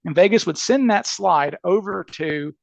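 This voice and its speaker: Gravelly higher-voiced man telling a story. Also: measured pace, no room sound. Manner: animated, acts out quoted voices, frequent restarts. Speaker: podcast guest, criminal defense attorney. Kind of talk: casual storytelling.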